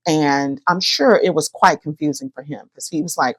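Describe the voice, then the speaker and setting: A middle-aged woman, hosting a podcast and chatting about her own life in a lively, animated way. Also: low-pitched, moderate pace, no room sound. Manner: lively, chatty, addresses listeners as y'all. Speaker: podcast host. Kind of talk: personal storytelling to listeners.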